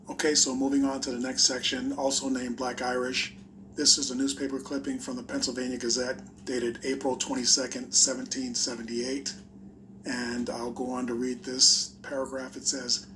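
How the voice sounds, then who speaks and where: A man's voice: medium pitch, little pitch movement, moderate pace, pushed and bright, a little hiss or hum. A man hosting a history video, explaining and reading old newspaper clippings aloud in a plain, explanatory way with fillers. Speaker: video host.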